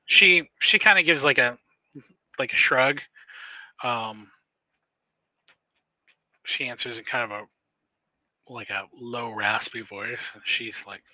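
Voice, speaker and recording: A man narrating as storyteller in a tabletop role-playing game, halting with frequent pauses and restarts. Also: medium pitch, bright, forceful tone, dry recording, muffled recording. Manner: halting, many fillers and restarts.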